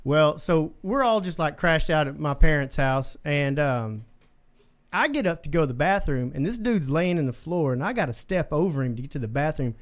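A man's voice: on the high side, animated, normal speed. A man co-hosting a podcast, telling rambling anecdotes in casual chat with lots of fillers. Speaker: podcast co-host.

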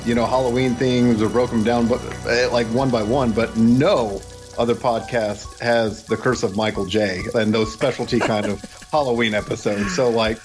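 Male guest, relaxed and casual, average pitch, music in the background. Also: normal speed. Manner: laid-back, laughs between phrases. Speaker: podcast guest. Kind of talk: casual podcast chat.

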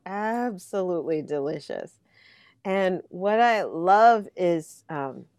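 Gushing, slow-spoken woman host. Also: darkish tone, no echo, studio quality. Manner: effusive, gushing, swoops in pitch. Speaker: podcast host. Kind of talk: casual interview conversation.

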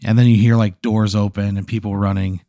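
A man's voice: lowish voice, flat delivery, fairly quick, mellow, no room sound, studio quality. A man hosting a show, casually narrating a suspenseful hypothetical scene and building tension with sound details. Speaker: host running a hypothetical scenario. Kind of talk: casual improvised storytelling.

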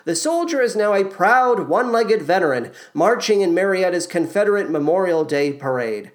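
A man hosting a podcast, reading a scripted musical theatre recap in a playful way with quick asides. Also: high-pitched, sing-song. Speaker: podcast host.

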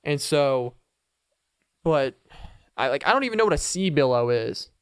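A man's voice: medium pitch, very animated, moderate pace, clear, resonant tone, no room sound, studio quality. A man hosting a casual solo podcast, rambling playfully and chuckling as he goes. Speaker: podcast host.

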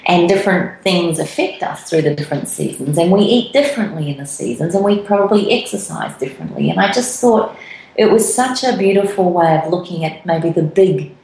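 A woman hosting a reflective podcast conversation, telling stories in a warm way and repeating phrases as she gathers her thoughts. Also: on the low side, lively intonation, a little fast, vocal fry, echoey room, low-quality recording. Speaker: podcast host.

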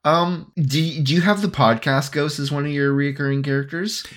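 Bright-voiced man rambling on a podcast. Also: fairly high pitch, moderate pace. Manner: rambling, jokey, hesitant restarts. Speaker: podcast co-host. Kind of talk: casual chat.

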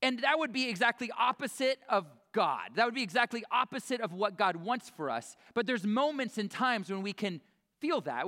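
A pastor preaches in a relaxed, chatty way, often stopping to restart a thought or to act out a quote. His voice sits high for a man and rings with a bright, forceful edge. The sound carries a long reverb from a big sanctuary. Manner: conversational, self-interrupting preaching with quoted asides. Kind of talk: sermon. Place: church sanctuary.

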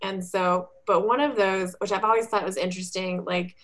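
A woman's voice: medium pitch, fairly even intonation, normal speed, fairly bright tone. Chatty woman with many fillers. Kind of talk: casual chat.

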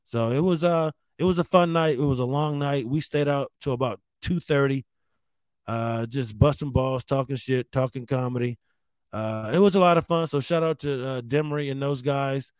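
A man's voice: mid-range voice, normal speed, darkish tone, clear, resonant tone, no echo. A man who works as a comedian, telling a casual story in a rambling way, with lots of swearing, restarts and fillers.

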